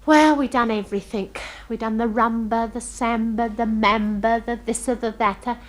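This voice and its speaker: An actress's slightly high voice stays steady and close to her everyday sound at a moderate pace as she plays a chatty, starry-eyed young working-class Londoner. She tells a comic monologue in gossipy, ungrammatical language.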